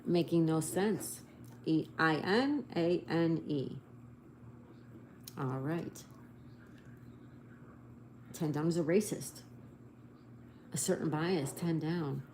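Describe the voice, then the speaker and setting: A woman's voice: low voice, slow, long pauses, darkish tone, a little hiss or hum. A woman hosting a casual livestream, chatting with viewers and spelling answers letter by letter, recorded on a phone at home. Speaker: livestream host.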